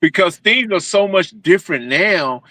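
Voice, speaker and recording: A man hosting an interview with a high, bright voice. He chats casually in slang and agrees readily. The sound is dry and close. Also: lively intonation, no echo. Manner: slangy, affirming, quick to agree. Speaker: host. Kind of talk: casual chat.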